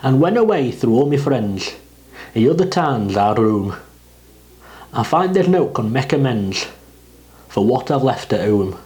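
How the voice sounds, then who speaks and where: A man reading a dialect poem aloud, with expressive rises and falls in his delivery. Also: mid-range voice, a little slow, pauses often, rough recording. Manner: expressive, rising and falling delivery. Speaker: poetry reader. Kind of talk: dialect poetry recitation.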